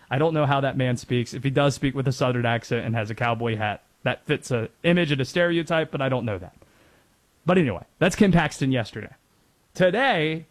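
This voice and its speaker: A man from North Carolina hosting a casual sports talk show, joking and telling stories. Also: on the high side. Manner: animated, jokey, quotes and impressions. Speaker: sports radio host.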